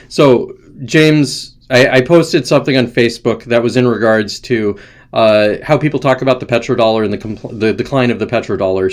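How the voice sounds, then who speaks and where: A man hosting a livestream, ranting with profanity and calling out chat viewers by name. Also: medium pitch. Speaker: livestream host.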